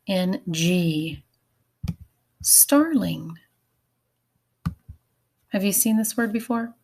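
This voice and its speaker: A woman teacher giving a recorded phonics lesson, patient and clear, walking through each step. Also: fairly low pitch.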